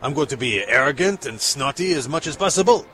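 A man's voice: mid-range voice, expressive, moderate pace, sharp tone. A man doing a snotty arrogant Frenchman. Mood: snooty. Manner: snooty, theatrical. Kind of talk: improv comedy.

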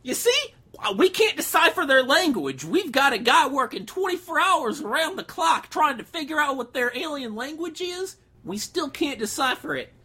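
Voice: high-pitched, big pitch swings, normal speed, sharp tone, full character voice. A performer voicing an eager hillbilly farmhand with a Southern accent. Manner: eager, hollering.

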